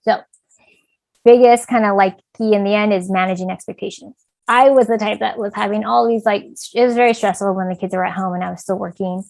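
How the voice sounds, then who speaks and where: Woman presenter on a video call, casual and chatty, relaxed fillers, some vocal fry, dry close sound. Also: mid-range voice, fairly quick, no echo, low-quality recording. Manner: conversational, many fillers like "like" and "um". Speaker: parent education speaker, clinical supervisor.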